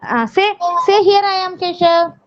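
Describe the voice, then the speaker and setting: A young woman with an Indian English accent teaching a nursery class online, coaxing small children in a slow, sing-song way over a video call. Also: extremely high pitch, lively intonation. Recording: dull lo-fi video call audio.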